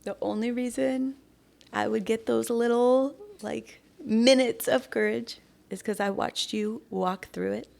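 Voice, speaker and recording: A woman's voice: fairly high pitch, fairly even intonation, measured pace, gravelly, darkish tone. A woman in her late thirties speaking as an interview guest in a heartfelt conversation, earnest, dropping to near whispers and laughing often. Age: late 30s.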